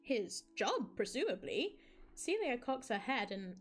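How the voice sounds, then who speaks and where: Casual female streamer, chatty, frequent asides to chat, slightly high pitch. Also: big pitch swings, measured pace, soft background music. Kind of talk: live game stream, reading story aloud and chatting.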